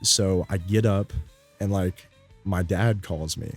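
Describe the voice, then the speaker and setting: Rambling low-voiced young man. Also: steady tone, slow, faint music behind. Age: young adult. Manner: rambling, laid-back, lots of fillers. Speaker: storyteller. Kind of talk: casual storytime.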